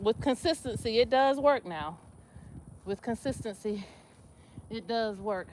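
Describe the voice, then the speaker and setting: A woman's voice: mid-range voice, a little hiss or hum. A woman, chatting with viewers on a live stream while she does squats, laughing and calling out to the audience. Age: 50s. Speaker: livestream host. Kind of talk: casual live exercise chat.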